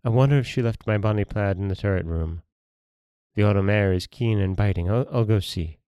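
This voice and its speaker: A man voicing a kind young prince in a folktale reading, speaking gently in an old-fashioned way. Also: lowish voice, fairly quick, no room sound, lo-fi sound, close to an everyday voice. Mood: musing.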